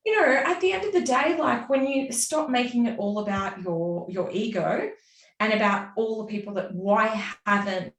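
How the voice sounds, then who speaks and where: A woman chatting as an interview guest, animated and acting out her own inner voice. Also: on the high side, moderate pace. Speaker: guest, business mentor. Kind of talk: casual interview chat. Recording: roomy sound from a distance off the mic.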